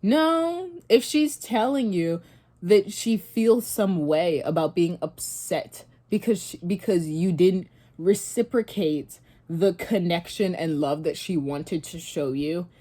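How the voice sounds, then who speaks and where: A woman's voice: fairly low pitch, slow pace, warm tone. A young woman vlogger casually retelling a story and reacting, rambling with many fillers and restarts.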